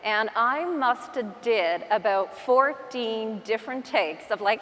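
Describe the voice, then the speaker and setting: A woman's voice: fairly high pitch, animated, slow pace, fairly bright tone, slight background noise. Chatty woman with a Newfoundland accent, big hall. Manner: chatty, self-deprecating storyteller. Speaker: real estate agent giving a conference talk. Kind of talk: conference keynote talk. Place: large conference hall.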